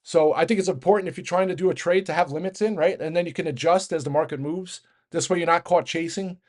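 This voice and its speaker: A man giving a fast, rambling casual market rant as host, with many restarts and fillers. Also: a little high, a little mellow. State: out of breath. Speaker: market commentator.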